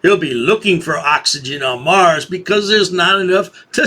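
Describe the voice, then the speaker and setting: Sarcastic husky-voiced man mocking. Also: high-pitched, animated, normal speed, bright, forceful tone. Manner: sarcastic, taunting. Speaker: commentary channel host. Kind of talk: mocking video commentary.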